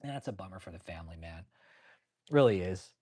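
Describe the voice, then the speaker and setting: A lowish-voiced man hosts a loose commentary stream, rambling and swearing freely as he goes. He talks bluntly and answers his viewers by name as they chime in. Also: expressive, fast talker, darkish tone. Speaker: channel host. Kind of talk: casual livestream commentary.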